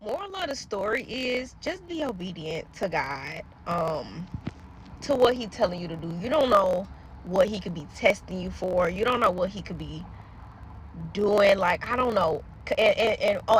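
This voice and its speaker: A woman's voice: medium pitch, expressive, a little slow, slight background noise. Woman telling her story to the camera, earnest and rambly, keeps saying y'all, faint cars humming behind. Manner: earnest and rambling, often trailing off and addressing viewers as "y'all". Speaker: storyteller sharing a personal faith story. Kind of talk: casual spoken testimony to followers.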